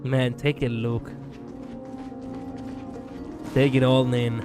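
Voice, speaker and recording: A man's voice: mid-range voice, flat delivery, slow pace, music in the background. A man with a Greek accent on a gameplay livestream, reading the game's text aloud in a playful way and joking between lines. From Greece. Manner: playful, breaks into laughter and quips between read-out lines. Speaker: streamer.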